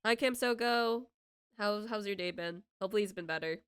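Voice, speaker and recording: A woman's voice: mid-range voice, a little fast, noisy background. A woman streamer giving casual, chatty commentary while playing a story game, reacting emotionally as she goes. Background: game music.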